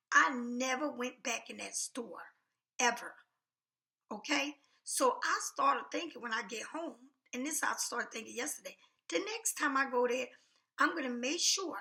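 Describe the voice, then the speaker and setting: High, gravelly-voiced woman ranting. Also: pushed and bright. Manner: angry, blunt, heavy swearing. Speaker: vlogger. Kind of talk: profane storytelling rant.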